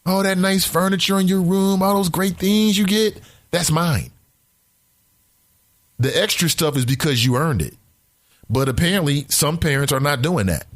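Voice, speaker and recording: A man hosting a casual talk radio show, speaking in an animated, emphatic, conversational way. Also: on the high side, moderate pace, no room sound, studio quality.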